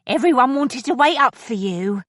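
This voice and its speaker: A woman voicing a bustling, fussy housekeeper who exclaims and frets, with a lively, fairly high voice. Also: moderate pace, dry recording, studio quality. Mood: fussing. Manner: fussing, bustling.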